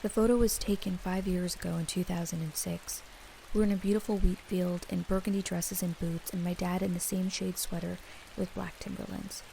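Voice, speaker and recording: Gravelly-voiced woman narrating a story. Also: fairly low pitch, a little fast, slight background noise, low-quality recording. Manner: steady storytelling read. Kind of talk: scripted first-person horror narration.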